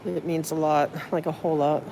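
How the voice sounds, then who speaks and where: This is a livestreamer talking casually to viewers from inside a city hall, sounding worn out from a short night. The talk rambles, full of fillers and warm thanks. The pitch sits in the middle, with a faint hiss of background noise. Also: level tone, fairly quick, vocal fry. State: tired, running on little sleep. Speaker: livestreamer at a public meeting. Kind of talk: casual live chat with viewers. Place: city hall building, indoors.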